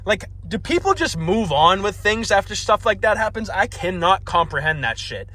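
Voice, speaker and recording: Young guy vlogger, kinda high voice, swearing nonstop, mad ranty storytelling but mocking himself. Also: sing-song, normal speed, bright, forceful tone. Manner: profane, exasperated, self-mocking. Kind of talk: comedic ranting storytelling.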